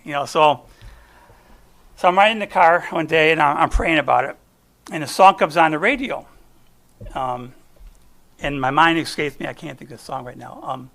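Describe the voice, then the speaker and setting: Gravelly, bright-voiced folksy preacher man. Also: fairly high pitch, fairly quick. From United States. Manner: chatty and folksy, trailing off and restarting. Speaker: guest speaker. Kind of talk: conversational sermon with personal stories.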